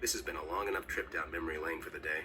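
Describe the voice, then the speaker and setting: A gruff, cynical storm professor. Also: male voice, a bass voice, steady tone, rapid-fire, distant mic, music in the background, low-quality recording. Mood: bitter. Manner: gruff, bitter and world-weary. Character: weary, cynical middle-aged male storm professor. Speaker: game character.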